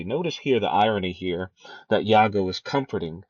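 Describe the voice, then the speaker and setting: A man's voice: on the low side, moderate pace, no echo. A man teaching a lesson on a play, talking casually with many fillers and restarts. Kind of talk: lecture on a play, reading quotes aloud. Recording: dry, dull lo-fi recording.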